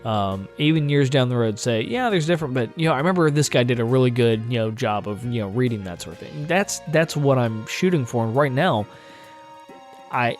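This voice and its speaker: A man's voice: mid-range voice, darkish tone. A man hosting his own vlog, talking casually and self-critically, with many fillers and restarts. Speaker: channel host.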